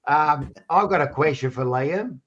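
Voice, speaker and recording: A man's voice: fairly high pitch, a little slow, a bit bright, muffled recording, slight background noise. A man hosting a casual footy podcast, rowdy and egging on the live chat. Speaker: podcast host.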